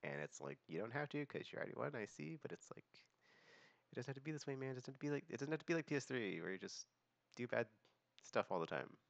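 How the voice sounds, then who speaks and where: A man's voice: mid-range voice, very animated, fast talker, gravelly, no room sound. A young man hosting a casual monthly vlog, rambling with many fillers and restarts. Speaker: vlog host.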